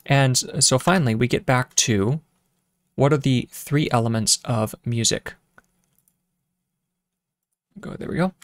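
This medium-pitched male teacher speaks a little slowly and pauses often, recorded in studio quality with no echo. He gives a relaxed keyboard lesson, thinking aloud with fillers and restarts and humming and counting rhythms, with piano playing behind him.

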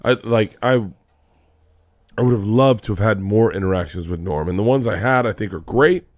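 A podcast host with a fairly low voice chats casually, swearing freely and tripping over his own restarts. The mic sound is dry and close. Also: moderate pace, no echo. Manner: swears often, stumbles and restarts.

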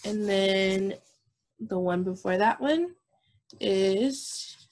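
Slow, patient woman music teacher. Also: mid-range voice. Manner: slow, patient, repeats herself and checks with "okay?"; demonstrates whispering and shouting voices. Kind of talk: recorded lesson for young children.

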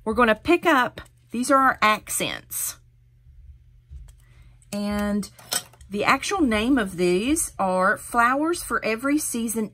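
A woman's voice: fairly high pitch, lively intonation, takes it slowly, bright, forceful tone. Host, female, middle-aged: chatty, encouraging craft demonstrator, step-by-step delivery.

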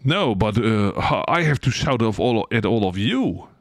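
A man's voice: on the low side, big pitch swings, normal speed, dry recording. A man streaming a game, chatting casually and playfully with his viewers in a rambling way. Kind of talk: casual live-stream chat.

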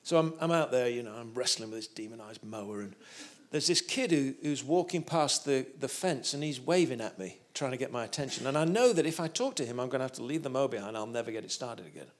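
A man's voice: mid-range voice, animated, quick pace, hardly any pauses. A man, a guest preacher telling a humorous story in a sermon.

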